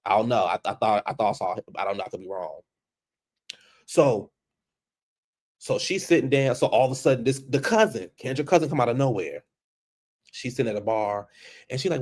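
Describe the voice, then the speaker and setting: A man giving a casual, profane recap of a show on camera, animated and repetitive. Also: medium pitch, a little fast, pauses often. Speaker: show reviewer.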